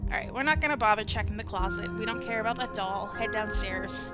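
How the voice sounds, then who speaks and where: A woman's voice: mid-range voice, quick pace. A woman hosting a let's-play from home, chatting casually and thinking aloud as she reads the game. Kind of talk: casual game commentary and reading. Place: home with cats nearby. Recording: game music in the background.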